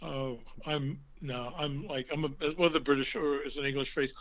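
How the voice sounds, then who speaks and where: A man, an actor, telling stories in an interview, animated, breaking now and then into loud put-on voices. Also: medium pitch, moderate pace, lo-fi sound. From from an Irish blue-collar family. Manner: animated storyteller, bursts into loud character voices. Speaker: actor guest. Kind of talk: conversational interview storytelling.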